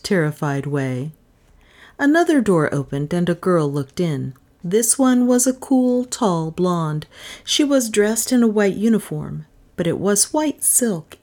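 A woman reads a story aloud in a lowish voice that swings widely in pitch. Her delivery is slow and deliberate, with dry humor in the narration. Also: lively intonation, a little mellow.

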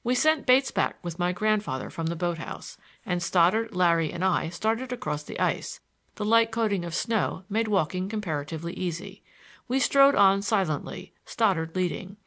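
A woman narrating a novel in a measured, expressive reading. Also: lowish voice. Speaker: audiobook narrator. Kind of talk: scripted narration.

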